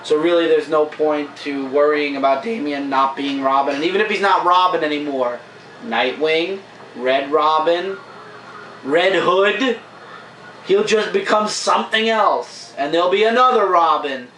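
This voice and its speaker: A man's voice: a little high, a little slow, a bit bright, slight background noise. A man co-hosting a casual comic book review, offhand, opinionated and jokey. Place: indoor room with a camera. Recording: echoey room, distant mic.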